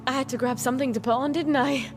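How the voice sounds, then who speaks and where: An actress voicing a scheming, manipulative young woman in video game dialogue, with coaxing, quick-witted banter. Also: high voice, fairly even intonation, noisy background. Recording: game audio with music bed.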